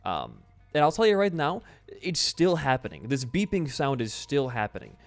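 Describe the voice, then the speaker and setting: A man's voice: mid-range voice, huge pitch swings, moderate pace, faint music behind. A young adult man talking through a video game while telling a story, in a chatty, rambling way with casual swearing. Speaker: gaming video host. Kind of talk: casual let's-play commentary mixed with storytelling.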